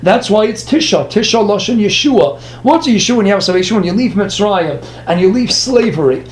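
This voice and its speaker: A man's voice: sits high, a little hiss or hum. A man teaching a Talmud lesson, firing off rhetorical questions and answering them himself. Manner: animated, rhetorical questions, quick asides. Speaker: Torah teacher. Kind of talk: Talmud lecture.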